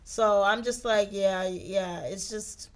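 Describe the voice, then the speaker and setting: A woman from a Haitian family hosting a casual podcast, talking in a relaxed, conversational way. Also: mid-range voice, takes it slowly.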